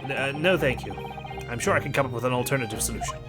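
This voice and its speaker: A man's voice: mid-range voice, very fast, natural voice. A man voicing a polite, exasperated young male law student with dry, weary replies, over game music. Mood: wry.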